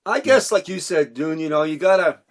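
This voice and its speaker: Slightly high, expressive and a bit fast, the voice belongs to a middle-aged man from Cape Breton, Canada. As a musician guest in a casual interview, he rambles through stories and breaks into his own sentences.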